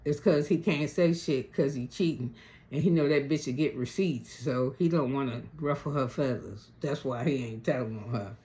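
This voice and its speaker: A man's voice: medium pitch, normal speed, mellow. A man casually recapping a reality show, retelling the drama in profane, slangy gossip.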